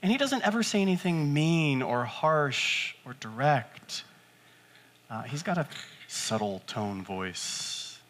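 A man preaching a sermon to his church in a conversational way, acting out quotes and jumping up in pitch for emphasis. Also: expressive, slow, fairly bright tone. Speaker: pastor.

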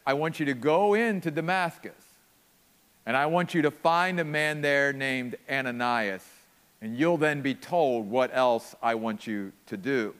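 A man preaching a sermon voices Jesus giving calm instructions. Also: medium pitch, measured pace, clear, resonant tone, pitched below the performer's own voice, lightly acted. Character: Jesus, calm commanding male voice.

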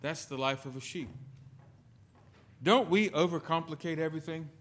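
A man preaching a sermon as pastor, telling stories with sudden swings between loud and soft. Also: on the high side, moderate pace, pauses often. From lived in the United Kingdom.

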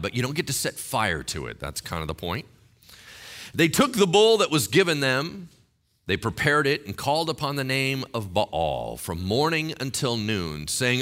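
An animated male pastor preaching with a bright, forceful voice. He jokes and acts out the people in the story, and his pitch swings widely. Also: normal speed. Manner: animated, jokey, acts out quotes. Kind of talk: sermon.

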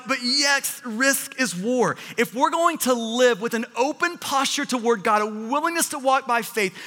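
A man preaching a sermon, animated, often repeating words as he presses a point. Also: extremely high pitch, big-room sound. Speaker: pastor.

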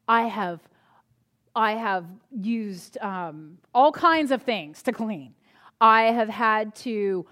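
A woman's voice: fairly high pitch, fairly bright tone. A woman pastor preaching a sermon in a conversational style, telling humorous personal stories.

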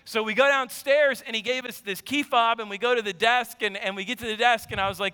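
A pastor in his thirties preaching a sermon and telling a personal story, animated, dropping to low asides and rising to shouted emphasis. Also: fast talker, clean tone, long reverb tail. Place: church sanctuary.

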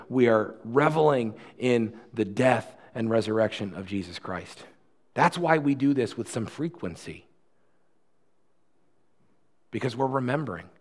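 Earnest conversational male pastor. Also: mid-range voice. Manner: earnest, conversational, many restarts. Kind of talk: sermon.

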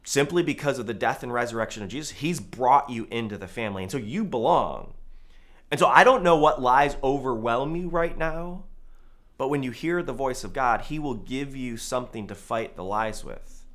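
A male pastor preaching a sermon in a conversational way, with loud emphatic peaks and quiet, low asides. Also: lively intonation, moderate pace.

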